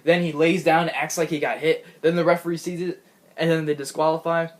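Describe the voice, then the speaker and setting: A man with a fairly high, level voice talks a little fast as he gives a loose, wandering recap of a wrestling show. He's chatty and giggly, laughing often and restarting his sentences.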